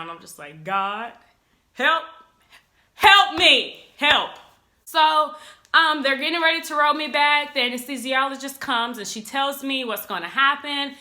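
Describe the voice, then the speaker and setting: Bright-voiced chatty young woman. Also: medium pitch. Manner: chatty, animated retelling with acted-out quotes. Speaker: vlogger. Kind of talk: casual storytelling to camera.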